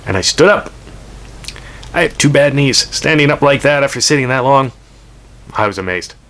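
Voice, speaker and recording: A man's voice: medium pitch, lively intonation, normal speed, a bit bright. A man telling a dramatic first-person story, swearing and drifting into rambling asides. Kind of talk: told story.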